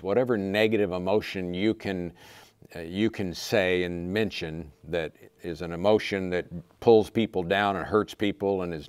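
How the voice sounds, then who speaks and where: Low-voiced man preaching a sermon. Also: smooth, dry recording. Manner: emphatic, repetitive lists, growing more intense. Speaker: pastor.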